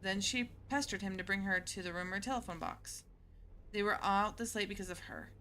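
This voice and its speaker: Bright-voiced woman streaming a game. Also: medium pitch, a little fast, slight background noise. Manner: chatty, laughs at the game. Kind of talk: casual let's-play commentary and reading.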